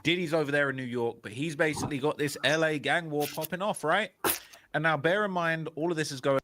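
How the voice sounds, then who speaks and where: A man's voice: on the high side, fairly quick, fairly bright tone, a little hiss or hum. A man with a British accent narrates a documentary-style video, hedging his claims with "apparently" and "allegedly". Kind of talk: storytelling narration of a video essay.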